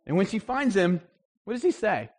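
Animated high-voiced male preacher. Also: moderate pace. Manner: animated, acts out quoted voices. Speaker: pastor. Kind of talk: sermon.

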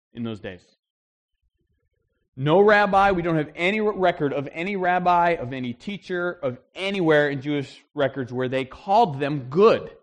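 A man with a somewhat high voice delivers a sermon at a church service. He preaches conversationally, stresses his points hard, and slips into voicing the people in the story he is telling. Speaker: pastor.

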